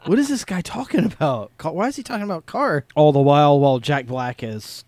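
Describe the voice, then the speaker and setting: Laughing animated man recapping a film. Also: on the high side, brisk. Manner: animated, laughs often, quotes film lines. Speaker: podcast co-host. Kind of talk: casual movie recap chat.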